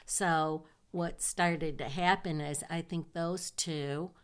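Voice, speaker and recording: Her voice sits low with a clean tone, and she speaks at a slow pace. An older woman from Michigan, she recounts her Navy days in a personal, animated way, acting out old dialogue with laughs.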